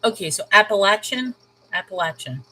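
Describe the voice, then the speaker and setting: A woman with a medium-pitched, expressive voice chats casually on her channel, talking briskly in a pushed, bright tone. She rambles, cuts herself off mid-sentence, and laughs a lot. The audio quality is poor.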